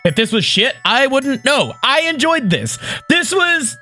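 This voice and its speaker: Man, gamer, visual novel read-aloud, excitable, bright, very animated. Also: extremely high pitch, measured pace, faint music behind. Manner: excitable, shrieks and yells reactions.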